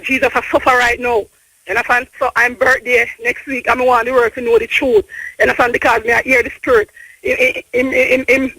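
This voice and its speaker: A woman with a Jamaican accent calling into a radio show, talking haltingly and repeating her words as she rambles. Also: on the high side, pushed and bright, breathy edge, no echo. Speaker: caller. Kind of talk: phone-in call. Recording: tinny phone line.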